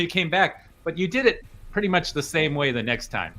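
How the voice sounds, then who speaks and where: Animated bright-voiced male judge. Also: on the high side, fast, hardly any pauses. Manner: animated, sings phrases aloud to illustrate. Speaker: competition judge. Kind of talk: spoken feedback to a young performer.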